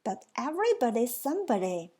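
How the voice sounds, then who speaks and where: A woman voicing a cheerful, kindly male figure in a children's storybook, with bright encouraging exclamations. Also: a little high, big pitch swings, brisk, slightly rough. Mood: cheery.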